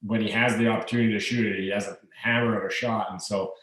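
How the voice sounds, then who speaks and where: A man's voice: fairly low pitch, flat delivery, a bit bright, echoey room, distant mic, poor audio. A man in his thirties, a hockey player guest, chatting easily with lots of fillers and restarts. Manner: easygoing, halting with fillers and restarts. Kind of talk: casual interview chat.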